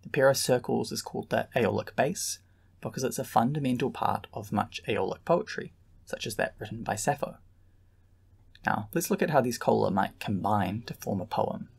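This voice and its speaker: A man narrating a scripted lesson, with calm, measured explanation. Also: mid-range voice, vocal fry, breathy edge. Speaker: lecturer.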